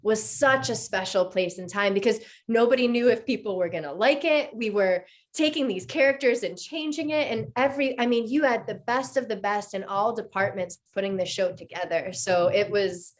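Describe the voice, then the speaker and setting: A woman's voice: mid-range voice, moderate pace, few pauses. A woman in her thirties, an actress as guest, chatting casually and telling stories with enthusiasm. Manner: enthusiastic storyteller, acts out quotes. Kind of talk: casual interview chat.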